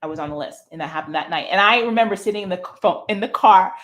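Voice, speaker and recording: A woman being interviewed as a guest, telling her story in a lively, expressive, conversational way. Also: on the low side, racing.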